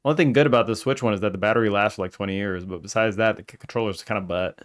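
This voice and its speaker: A man giving casual let's-play commentary as he streams a game, excitable and yelling at the characters in mock outrage. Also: fairly low pitch, rapid-fire.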